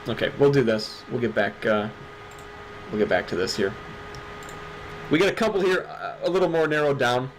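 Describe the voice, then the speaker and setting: A man's voice: medium pitch, normal speed, pauses often, noisy background. A man co-hosting a livestreamed awards show, chatting casually with sarcastic jokes and casual swearing. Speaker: stream co-host. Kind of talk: casual stream chat.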